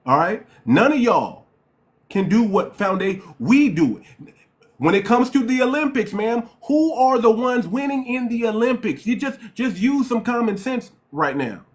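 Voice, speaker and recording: A man with a New York accent hosts a heated live-stream debate. His voice sits high for a man, and he lectures emphatically and repeats his points. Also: animated, a little slow. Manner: emphatic, repetitive, lecturing, keeps saying ma'am.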